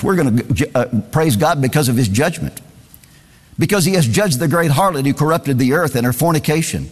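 Male preacher, emphatic and repetitive delivery, somewhat high-pitched, recorded in a big echoing church. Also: lively intonation, fairly quick. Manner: emphatic, repeats key phrases. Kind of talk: sermon.

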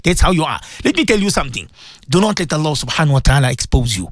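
A man giving an impassioned radio sermon to his listeners, emphatic and repetitive, with sudden leaps in pitch. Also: very animated, racing, dry recording, clean studio sound. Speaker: radio presenter giving religious advice.

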